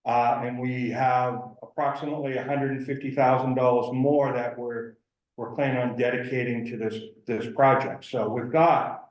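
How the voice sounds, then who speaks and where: A man's voice: medium pitch, steady tone, moderate pace, echoey room, muffled recording. A man presenting a preservation funding request at a town meeting, speaking hesitantly with many fillers.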